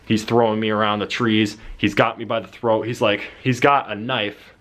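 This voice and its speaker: A man's voice: lowish voice, fairly even intonation, normal speed, a bit bright. A young man casually rambling as he lays out his film plot, full of fillers and restarts. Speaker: vlogger pitching his film idea.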